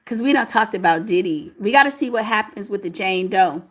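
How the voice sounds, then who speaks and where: A woman's voice: mid-range voice, lively intonation, brisk, fairly bright tone. A young woman hosting a late-night livestream, chatting casually and reading viewer comments, sleepy, with a tired, crackling voice and slangy talk, home alone. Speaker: livestream host.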